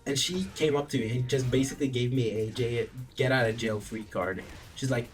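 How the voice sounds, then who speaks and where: A young man telling a story in a casual vlog, animated and profane, rambling with self-corrections. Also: medium pitch, fairly quick. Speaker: vlogger. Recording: distant mic, faint background music.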